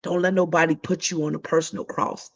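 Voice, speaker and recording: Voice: medium pitch, flat delivery, brisk. A livestream host giving heartfelt advice in a casual, emphatic way, talking straight to viewers with colloquial slang. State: voice cracking.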